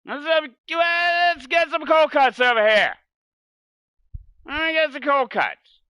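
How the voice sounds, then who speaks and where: A man putting on a pushy New Jersey deli customer, loud and insistent, repeating himself. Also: very high voice, lively intonation, slow pace, no echo, studio quality, pitched above the performer's own voice, full character voice.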